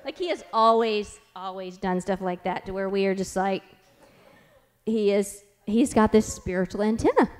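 A woman giving a conference talk at church, chatty and rambling as she tells stories about her kids. She piles on "like"s and restarts in a middle pitch, and her energy rises and falls with the stories. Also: moderate pace, clear, resonant tone, big-room sound. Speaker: conference speaker and mother.

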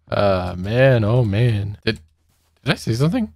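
A man's voice: on the low side, a little mellow, dry recording. A young man giving casual let's-play commentary, nervous and giggly, talking to the monsters he meets. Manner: nervous, giggly, talks to mobs. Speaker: gaming youtuber.

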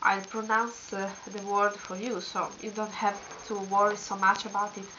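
A woman's voice: medium pitch, little pitch movement, moderate pace, sharp tone, dull audio, a little hiss or hum. A young woman with an Italian accent teaching basic Italian pronunciation in a casual video lesson, hesitant with many fillers.

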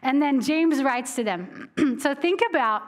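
A woman with a high, bright-toned voice delivers a sermon in church. She talks in a loose, conversational way, animated and quick to laugh, and slows down to read scripture. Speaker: preacher.

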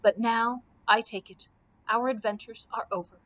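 A woman's voice: a little high, steady tone, normal speed, fairly bright tone, no room sound, lightly acted. A woman voicing a gallant, old-fashioned male knight in a storybook, wistful and courtly.

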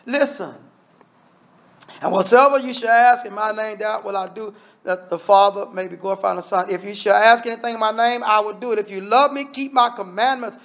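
A man preaching a sermon, reading scripture aloud and breaking in with lively asides. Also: high voice, brisk. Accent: Southern US. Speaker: minister.

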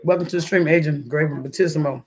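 A man with a fairly high voice hosts a casual live stream, talking fast in a fairly even tone as he eats breakfast. He chats and reads the chat aloud, laughing often and breaking into sudden loud outbursts.

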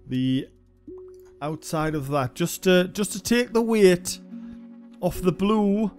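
A man's voice: high-pitched, a little mellow. A young man giving casual, sweary gameplay commentary, thinking aloud as he plays. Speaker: game reviewer.

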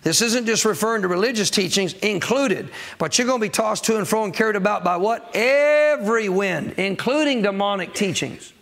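A man's voice: high voice, a little fast, creaky, hardly any pauses, fairly bright tone. A man preaching a sermon as pastor of a church, calling out to the congregation for answers and acting out people's excuses. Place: church sanctuary.

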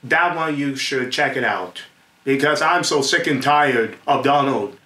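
A man hosting a rambling commentary to camera, excited and repetitive, laughing often and stumbling over names. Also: medium pitch, a little slow. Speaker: host. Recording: echoey room.

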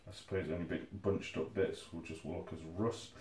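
A man with a deep voice chats loosely while crafting, often trailing off and correcting himself mid-thought. He sounds a little distant from the phone mic, in a roomy space with a faint hum of ambience. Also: fairly even intonation, moderate pace, a little mellow. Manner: rambling, self-correcting, mutters while working. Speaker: hobby crafter making terrain. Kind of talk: casual talk while building. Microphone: phone camera some distance away.

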